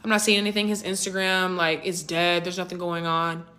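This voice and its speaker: A young adult woman narrating a personal storytime vlog in a casual, slangy and animated way, with rhetorical asides to the listener. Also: lowish voice, a little fast.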